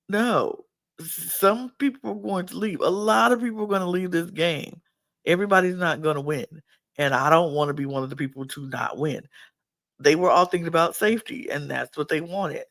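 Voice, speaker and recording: A woman hosts a podcast and talks through a reality-show episode in a relaxed, chatty way. Her voice has a gravelly, creaky texture, and she acts out what each person said as she goes. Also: deep voice. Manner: chatty, acts out people's quotes. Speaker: podcast host. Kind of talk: casual reality-show recap.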